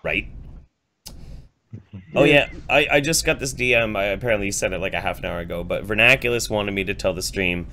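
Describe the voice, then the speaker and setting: A man's voice: fairly low pitch, brisk, slight background noise. A man co-hosting a podcast, telling stories casually with some swearing. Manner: relaxed, swearing, storytelling. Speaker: podcast co-host. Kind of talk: casual chat.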